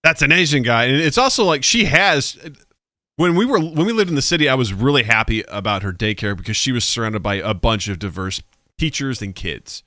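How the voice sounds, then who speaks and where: A man co-hosting a podcast in casual chat, an animated storyteller who acts out family voices and swears freely. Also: medium pitch, fairly quick, no echo, studio quality. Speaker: podcast co-host.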